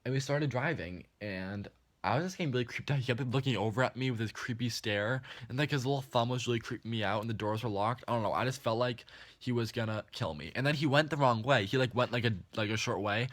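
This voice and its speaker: A young man vlogging a storytime, animated and full of swearing and "like" fillers. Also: mid-range voice, quick pace, no room sound. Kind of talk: storytime vlog.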